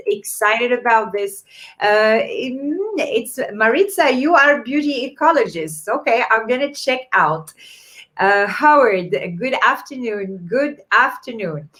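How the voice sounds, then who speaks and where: Woman, non-native English accent, host, fairly high voice, chatty, reads comments aloud. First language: not English. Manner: warm encouraging, reads viewer comments aloud with fillers. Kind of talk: live-streamed event chat.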